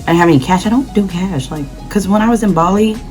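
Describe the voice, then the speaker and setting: A young adult woman telling a casual travel story in a chatty, animated way, full of slang and dramatic asides. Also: medium pitch, quick pace, soft background music, poor audio. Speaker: vlogger.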